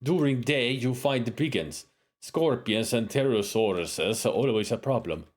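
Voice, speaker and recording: A man's voice: medium pitch, a little slow, close to an everyday voice. A man voicing a proud spear-fighting warrior woman in broken English with a wandering put-on accent. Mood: warning. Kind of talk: reading game dialogue aloud in character.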